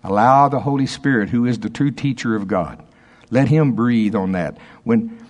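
A male pastor preaching a sermon, reading quotations slowly and emphatically with asides to the congregation. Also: mid-range voice, a little mellow.

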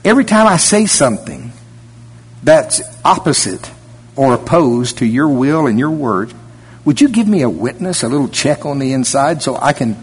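Male preacher, a bit high-pitched, husky, folksy sermon delivery. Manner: folksy, jumps to a high whiny voice when mimicking complaints. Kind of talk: sermon with prayer.

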